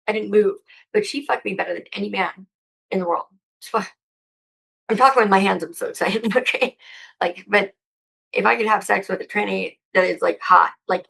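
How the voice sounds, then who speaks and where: A woman with a gravelly, fry-laced voice chats in an interview. She talks in a rambling, excitable way and swears often. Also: medium pitch, low-quality recording. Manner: excitable, profane, rambling with frequent laughs. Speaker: interview guest. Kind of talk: casual interview chat.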